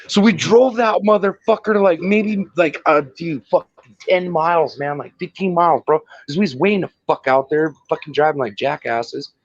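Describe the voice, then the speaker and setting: A man's voice: fairly high pitch, normal speed, dry recording, lo-fi sound. A man telling a long rambling story in casual chat, swearing and laughing often.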